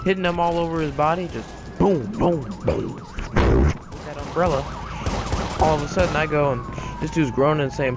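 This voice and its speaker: A man's voice: fairly high pitch, expressive, moderate pace, background noise. A man telling a dramatic story in a casual, slangy way, with comic asides. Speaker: gaming YouTuber.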